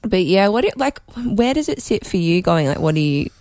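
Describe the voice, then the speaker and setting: A woman's voice: mid-range voice, big pitch swings, moderate pace, darkish tone. A woman from Australia hosting a radio show, telling long-winded stories in a casual on-air chat. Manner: chatty, long-winded storytelling.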